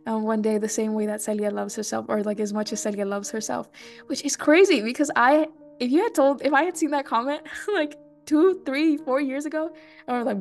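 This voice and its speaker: A young woman hosting her podcast, talking in an earnest, chatty way with lots of fillers and soft asides. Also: sits high, brisk, faint music behind. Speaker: podcast host. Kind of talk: casual personal monologue.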